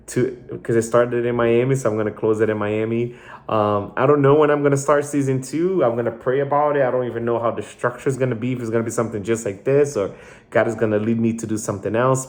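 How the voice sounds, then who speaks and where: A young man hosting his own faith podcast alone, reflective and emotional, with many fillers and pauses. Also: mid-range voice. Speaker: podcast host. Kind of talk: heartfelt solo faith podcast.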